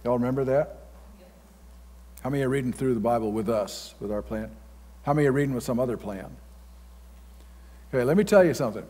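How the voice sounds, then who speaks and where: A man's voice: medium pitch, brisk, long pauses, slightly rough. A man pastor preaching a sermon in a folksy, blunt manner. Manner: folksy, blunt preaching with sudden loud outbursts. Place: large church hall. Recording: long reverb of a church hall.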